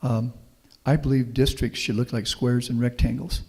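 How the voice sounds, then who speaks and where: A middle-aged guest professor from Houston, Texas, gives a folksy public talk built on anecdotes and answers the audience's questions. He speaks at a normal speed in a slightly mellow mid-range voice with a breathy edge and little pitch movement. A meeting hall's long reverb is present.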